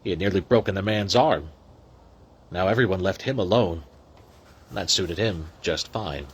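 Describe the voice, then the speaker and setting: A man casually reading a novel aloud, who breaks off into excited asides. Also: deep voice, moderate pace, husky. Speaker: reader.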